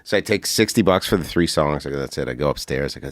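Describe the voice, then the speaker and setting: A man's voice: extremely low pitch, fast talker, no echo. A man, a podcast guest, telling stories casually and acting out the lines of the people in them. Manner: animated, acts out quotes in changing voices. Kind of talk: casual storytelling.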